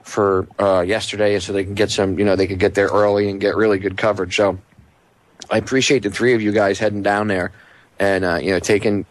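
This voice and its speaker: A man's voice: fairly low pitch, little pitch movement, brisk, no room sound. A man guest-hosting a talk radio show, chatty and joking with his caller. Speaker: guest host.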